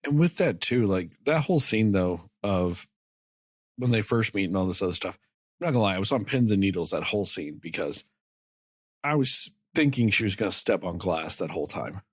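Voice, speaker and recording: Male podcast co-host, husky and dry-miked, excitable, salty language. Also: sits low, fairly quick, dry recording. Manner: animated, swears freely, acts out characters' lines. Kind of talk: casual movie review chat.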